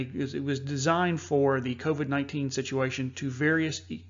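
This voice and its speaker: A man hosting a preparedness talk, narrating over slides in an earnest, measured way with frequent fillers. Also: on the high side, dull audio. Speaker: host.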